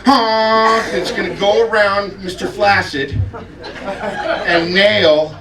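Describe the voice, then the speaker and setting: A man's voice: sits high, takes it slowly, crowd noise. A man doing a stand-up comedy set, telling a story and acting out the scenes. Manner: animated storytelling, acts out scenes. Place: comedy club stage. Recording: echoey club from far off, loud audience laughter.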